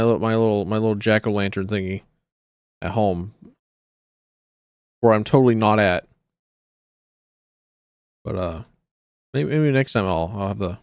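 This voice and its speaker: A man's voice: lowish voice, darkish tone, clear, resonant tone, no echo, studio quality. A man streaming a video game live, chatting casually with viewers, joking, swearing freely and reading in-game documents aloud.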